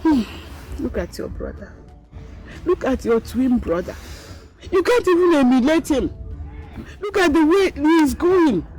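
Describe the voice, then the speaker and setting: Brief: a reproachful parent, lively rising and falling pitch, music underneath. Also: unhurried, pauses often. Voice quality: scolding, reproachful. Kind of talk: Nollywood drama acting.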